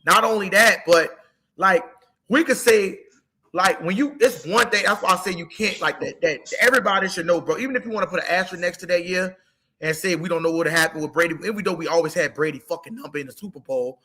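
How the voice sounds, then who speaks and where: A man's voice: sits high, fast, bright, forceful tone. A man ranting heatedly about football in a casual sports talk, profane and emotional. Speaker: co-host.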